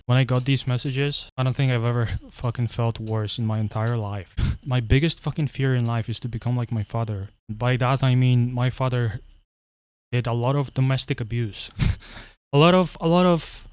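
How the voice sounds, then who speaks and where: Man, smooth voice, mid-pitched, casual profane rant, rambling restarts. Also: flat delivery, normal speed, darkish tone, no room sound. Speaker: commentary vlogger.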